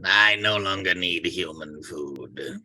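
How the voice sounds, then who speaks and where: A man's voice: sits low, takes it slowly, no room sound, full character voice. A man reading the part of a possessed man who is turning into an alien being, speaking in a strained, eerie way. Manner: strained, eerie, flat mechanical delivery. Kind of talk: amateur script reading.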